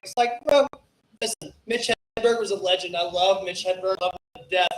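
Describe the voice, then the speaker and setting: A man with a raspy, hoarse voice doing a profane, rambling stand-up set about drug trips at an open mic. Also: high-pitched, fairly even intonation, brisk. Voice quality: raspy from festival flu. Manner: profane, rambling stoner storytelling. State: hoarse, coughing. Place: small comedy club stage. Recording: echoey club room.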